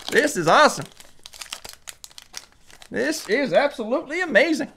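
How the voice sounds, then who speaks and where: A woman from Canada, hosting a casual card-opening video and reading card names aloud, excitable and chatty. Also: high-pitched, measured pace, long pauses, slight background noise. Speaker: channel host.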